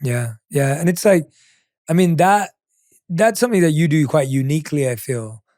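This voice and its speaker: A man's voice: on the high side, lively intonation, moderate pace, darkish tone, no echo, studio quality. A man hosting a podcast interview, earnest and reflective, talking with lots of fillers. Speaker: podcast host. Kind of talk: interview conversation. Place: podcast studio.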